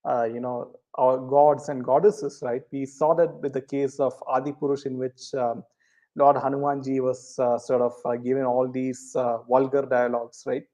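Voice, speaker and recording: A man's voice: mid-range voice, little pitch movement, normal speed, warm tone. A man hosting a casual live chat, reading viewer comments, full of ums and uhs and often ending points with "right?". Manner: hesitant, many ums and uhs; rhetorical, ends points with "right?".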